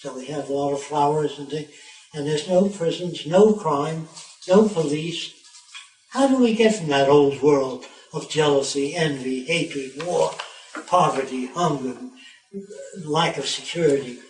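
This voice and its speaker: Earnest wondering little girl, as a man puts her on, slightly higher voice, distant mic. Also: measured pace, darkish tone, slight background noise, natural voice. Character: curious six-year-old girl. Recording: roomy, distant mic, faint background.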